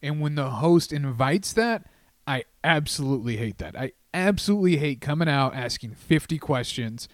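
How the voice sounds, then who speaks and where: A man's voice: fairly high pitch, expressive, normal speed, no room sound, studio quality. A man, a comedian co-hosting a podcast, explaining his opinions at length in casual chat.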